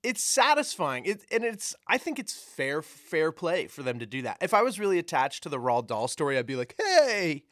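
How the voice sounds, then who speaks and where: A man's voice: fairly high pitch, sing-song, a little fast, few pauses, a bit bright, dry recording. A man co-hosting a casual film discussion podcast, playful and joking as he talks. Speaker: podcast co-host.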